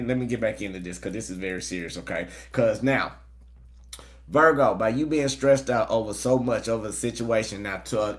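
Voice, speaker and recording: A chatty man hosts a live-streamed tarot reading at a medium pitch for a man. He calls out viewers by name and gives earnest spiritual encouragement in an easygoing, talkative way. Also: a bit bright. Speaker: tarot reader.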